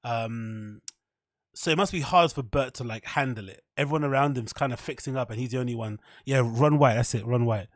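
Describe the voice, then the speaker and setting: A man's voice: mid-range voice, brisk, no room sound, studio quality. Chatty man hosting a podcast. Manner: chatty, swearing, self-mocking. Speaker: podcast host. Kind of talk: casual solo podcast rambling.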